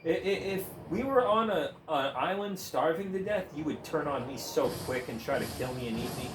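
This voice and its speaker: A man's voice: a little high, expressive, normal speed, background noise. A man ranting in heated, profane, sarcastic commentary while gaming, with bursts of laughter. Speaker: gaming streamer. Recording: roomy echo, faint ambience.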